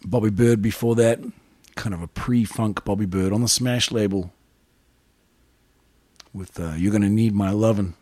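A man from New Zealand hosting a radio show, chatting in a relaxed, rambling way between records. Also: lowish voice, normal speed, long pauses, no room sound.

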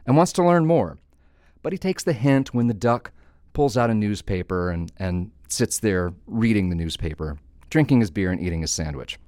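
A man's voice: fairly low pitch, no room sound, studio quality. A middle-aged man hosting a radio call-in joke show, playful and enthusiastic as he tells stories.

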